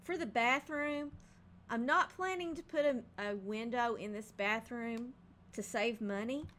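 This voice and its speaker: A woman's voice: on the high side, measured pace, a bit bright, a little hiss or hum. A woman casually narrating her home build in a game, thinking aloud with frequent ums and hesitations. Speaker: game building video creator.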